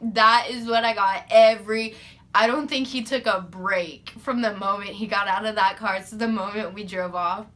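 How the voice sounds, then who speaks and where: A young woman vlogger telling a story in a casual, animated, profane and sarcastic way. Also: mid-range voice, normal speed.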